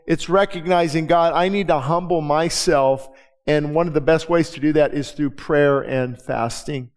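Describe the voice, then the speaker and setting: A pastor preaching a sermon, reading scripture slowly and then explaining it in quick, conversational asides. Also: male voice, a little high. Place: church.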